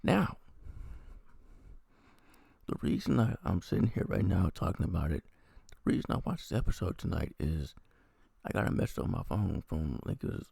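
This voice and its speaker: A man's voice: low-pitched, big pitch swings, normal speed, vocal fry, pauses often, dark tone, breathy edge, no echo, studio quality. A man from the American Midwest casually reviewing a TV episode while feeling unwell, rambling and sarcastic, with frequent swearing.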